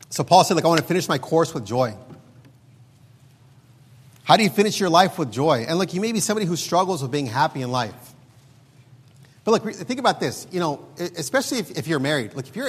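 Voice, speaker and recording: Male preacher, husky voice with a slightly high pitch, emphatic sermon delivery, long hall reverb. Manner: emphatic, repeats words, frequent "look".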